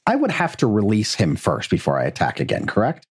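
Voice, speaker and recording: Husky-voiced male game master. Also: lowish voice, wildly swooping pitch. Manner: rules-focused, measured. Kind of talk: running a tabletop game.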